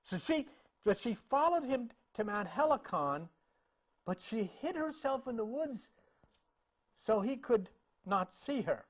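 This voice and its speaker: A man's voice: very high voice, very animated, measured pace, pauses often. A man retelling a myth in a loose, chatty way while pointing to paintings, with frequent restarts and small laughs. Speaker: speaker telling a myth about paintings. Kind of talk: casual storytelling talk.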